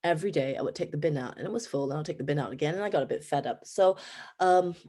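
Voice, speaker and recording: Speaking quickly, a woman from Singapore in her thirties presents at a conference as an English teacher. Her Singaporean-accented delivery is lively storytelling full of pitch leaps.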